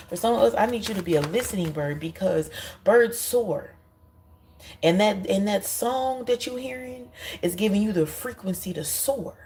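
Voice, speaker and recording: A woman's voice: medium pitch, normal speed, a little mellow, slight background noise, rough recording. A woman giving an intuitive card reading, speaking emphatically and straight to her viewers, often repeating herself. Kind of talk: spiritual card reading monologue.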